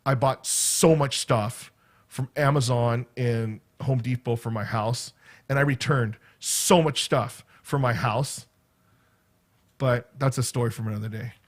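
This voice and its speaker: A middle-aged man vlogs a casual, rambling chat to camera, his mid-range voice a little slow and fairly even in intonation. He keeps chaining stories together, leaning on "right?" and "okay?" throughout.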